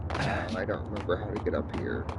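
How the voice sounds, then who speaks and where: A man streaming a game, rambling and joking in casual chat and often trailing off quietly. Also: sits low, expressive, brisk, heavy background noise.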